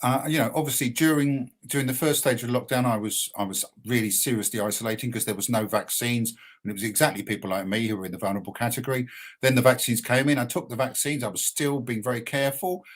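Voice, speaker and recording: A man's voice: mid-range voice, steady tone, fast talker. An older man, a punk poet and musician, talking earnestly and plainly as a guest in a radio interview. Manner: earnest, emphatic, plain-spoken.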